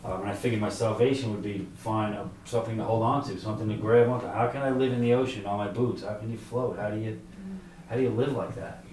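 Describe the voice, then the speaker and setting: A middle-aged man tells his own story at a library author talk, conversational and halting, with many fillers, acting out his own thoughts. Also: lowish voice, steady tone, darkish tone, slight background noise. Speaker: author and fisherman telling his survival story. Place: library event room. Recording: echoey room, distant mic.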